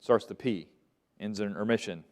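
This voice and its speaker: A man's voice: fairly low pitch, normal speed, darkish tone. A man teaching a Bible lesson to a class, asking questions and letting them fill in the answers. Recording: long reverb of a large room.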